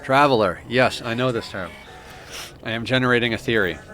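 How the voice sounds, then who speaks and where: A man reading the lines of a calm, formal alien machine lifeform in a video game, in a stiff, deliberate way. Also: medium pitch, slight background noise, natural voice. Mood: curious. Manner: reads game dialogue aloud, stiff and deliberate.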